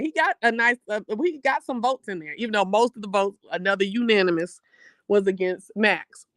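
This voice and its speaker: A chatty live-stream host recaps a reality show, animated and casual, calling the viewers "baby.". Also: medium pitch, moderate pace, no room sound. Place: home streaming setup.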